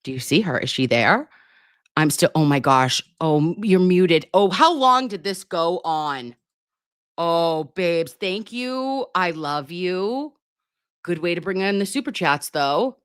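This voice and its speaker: A woman's voice: lowish voice, expressive, slow, no echo, studio quality. A woman in her forties, a nurse hosting a casual livestream, reading viewer comments in a chatty, giggly, sometimes flustered way and calling viewers babe. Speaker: nurse streamer hosting a live chat. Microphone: computer mic.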